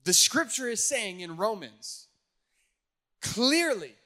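Male pastor, high bright voice, playful teasing sermon delivery. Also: sing-song, takes it slowly. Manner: teasing, joking with the audience. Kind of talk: playful sermon to a youth crowd.

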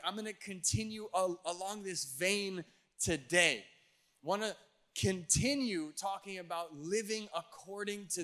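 A young man giving a sermon as a youth pastor in church. He is playful and energetic with the crowd, and his voice sits high and sounds bright and forceful.

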